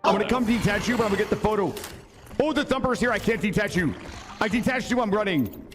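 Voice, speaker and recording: Excitable high-voiced male streamer. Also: fast, faint music behind. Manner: excitable, loud, talks to chat. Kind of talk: live gameplay commentary.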